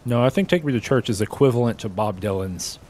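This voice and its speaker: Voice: medium pitch, fast, darkish tone, a little hiss or hum. A co-host of a game stream, joking around playfully with lots of filler words. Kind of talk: casual banter.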